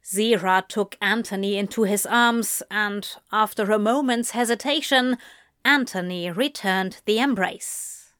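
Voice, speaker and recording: Woman, story reader, unhurried delivery, dry sound. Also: mid-range voice, fairly bright tone, dry recording. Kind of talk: fan fiction reading.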